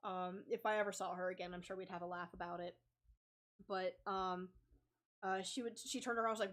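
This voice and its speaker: This comic artist vlogger, a young adult woman, tells a wandering story as she draws, dropping lots of ums and likes. She talks a little fast, with a mid-range voice and steady tone.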